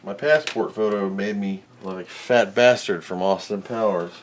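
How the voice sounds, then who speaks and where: A man's voice: on the low side, moderate pace. A man hosting his own electronics repair videos, talking casually and self-mockingly as he works at a repair bench. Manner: rambling, self-mocking, mutters while working. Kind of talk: casual workbench narration.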